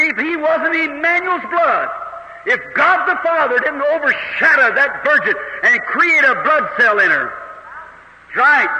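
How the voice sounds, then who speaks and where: A man preaching an impassioned revival sermon that builds to shouts, on an old 1950s tape in an echoey hall. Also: very high voice, a little hiss or hum. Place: large church hall.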